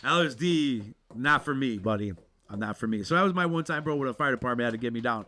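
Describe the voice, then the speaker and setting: A man's voice: mid-range voice, quick pace. A man hosting a podcast, telling a wild story in casual, profane chat, peppered with "dude". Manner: animated, profane, keeps saying dude. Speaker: podcast host.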